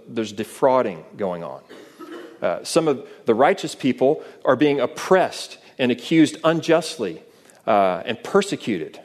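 A man's voice: mid-range voice, darkish tone. A man preaching a sermon in a conversational way, often asking the listeners rhetorical questions. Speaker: pastor.

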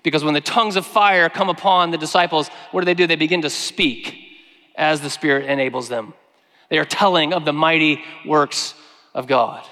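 Male pastor, somewhat high voice, earnest sermon delivery that hushes on scripture, church-hall echo. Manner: earnest preaching, slowing and softening on quoted scripture. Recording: long hall reverb.

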